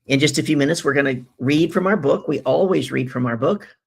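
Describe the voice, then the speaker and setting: A woman hosting a live business-coaching show, greeting viewers and reading their comments in an animated, effusive way with rhetorical questions. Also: sits low, fairly quick, gravelly, slightly rough.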